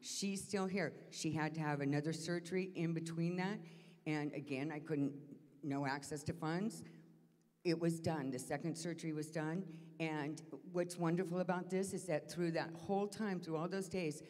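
A woman telling a personal testimony to a church congregation, emotional and halting, with many restarts. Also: deep voice, fairly even intonation, darkish tone, big-room sound. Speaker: church member giving testimony. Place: church sanctuary.

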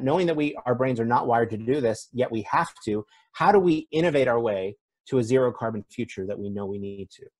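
Husky man giving a conversational keynote. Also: mid-range voice, darkish tone. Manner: conversational, self-deprecating, with fillers. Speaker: conference speaker. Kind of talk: conference keynote talk. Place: event stage.

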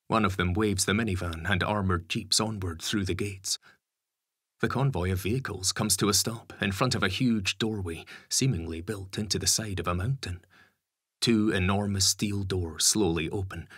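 A man narrating an audiobook story in a measured, even storytelling manner. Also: deep voice, husky, dry recording, clean studio sound. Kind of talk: scripted narration.

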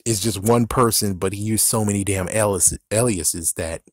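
A young man casually vlogging as a fan channel host, rambling excitably with swearing and frustrated outbursts. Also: lowish voice, moderate pace, dry recording, clean studio sound. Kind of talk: casual ranting vlog.

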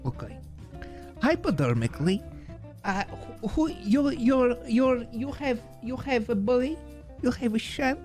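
A man's voice: very high-pitched, very animated, a little slow, darkish tone, faint music behind. A man improvising a bumbling psychologist in a role-play, stammering and mangling his words, and turning snide and scornful. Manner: snide and scornful about the client.

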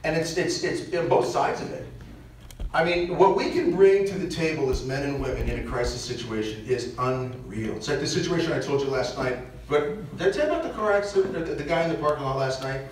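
Animated man telling stories in an echoey church. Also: fairly high pitch, a little fast. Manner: animated storyteller acting out quotes. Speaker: parish mission speaker. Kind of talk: storytelling talk to a church audience. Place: large church. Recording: echoey church, distant mic, faint hiss.

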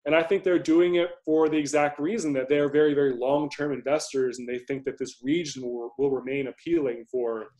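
A man appears as a guest investor in an interview, explaining things in a measured, conversational way. His voice is on the high side with a darkish tone and fairly even intonation, and he often repeats a word as he starts a thought.

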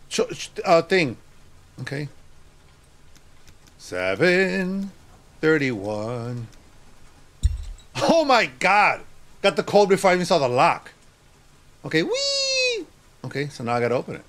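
A man playing a horror game on his channel, talking to himself and yelping with excitement. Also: a little high. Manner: excitable, yelps and laughs, talks to himself.

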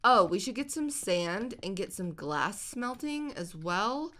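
A woman hosts a video game let's-play, talking through her play with a lot of energy. Her voice is bright and sharp, and her pitch swings widely from low to high. She keeps chattering and squealing at the pets she finds. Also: expressive, takes it slowly. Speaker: host.

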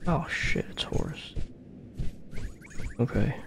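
A man's voice: slow, noisy background. A man giving casual commentary while playing a game, muttering and thinking aloud. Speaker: let's play gamer.

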